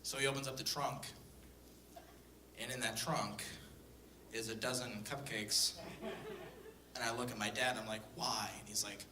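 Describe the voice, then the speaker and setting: A young man telling stand-up stories on stage in a deadpan, profane manner, with acted-out quotes. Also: mid-range voice, normal speed, long pauses, far from the mic, slight background noise. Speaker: stand-up comedian. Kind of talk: stand-up storytelling. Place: comedy stage before a live audience. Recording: echoey room, voice from afar.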